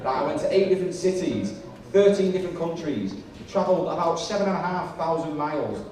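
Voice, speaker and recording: A man's voice: fairly high pitch, expressive, a little fast, distant mic, a crowd in the background. A young man doing a stand-up set, chatty and self-mocking, swearing freely, with an audience laughing. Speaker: stand-up comedian. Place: comedy club with a live audience. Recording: echoey room, mic from afar.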